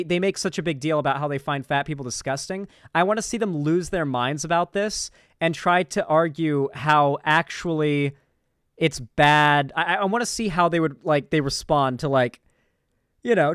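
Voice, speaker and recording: A man riffs through a reaction commentary, loose, swearing freely and openly incredulous. His voice is smooth and resonant, a bit higher than most men's, and it sits dry and close. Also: fairly bright tone, dry recording. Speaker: political commentary streamer.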